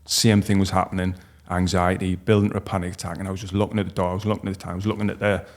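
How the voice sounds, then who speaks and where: A man, telling a personal story as a podcast guest in a halting, heartfelt way with many restarts. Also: low-pitched, little pitch movement. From North East England. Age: 40s.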